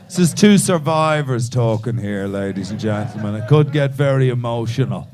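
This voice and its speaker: A man's voice: medium pitch, expressive, moderate pace, background noise. A man performing stand-up comedy in a club, swearing freely and teasing a man in the audience. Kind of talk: stand-up comedy crowd work.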